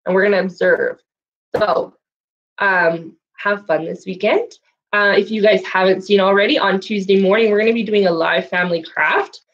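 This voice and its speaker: A woman leading a children's story time and craft lesson, speaking in a sing-song, animated way and doing animal sounds for kids. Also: mid-range voice, moderate pace, muffled recording. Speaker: children's librarian.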